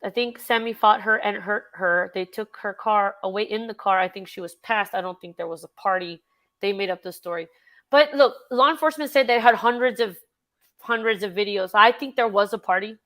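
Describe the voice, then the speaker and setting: Hosting a laid-back true-crime livestream, this woman speaks fairly quickly in a mid-range, fairly bright voice. She swears without holding back while talking with her guest and reading comments from chat aloud.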